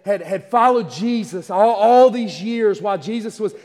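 A man's voice: sits high, normal speed, a little mellow, long reverb tail. A man preaching a fervent, repetitive livestreamed Easter sermon in a small church, with frequent restarts.

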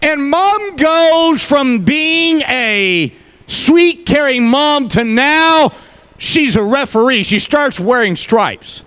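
A man's voice: very high-pitched, lively intonation, slow, fairly bright tone. A male pastor preaching a sermon, folksy, with joking asides to the congregation.

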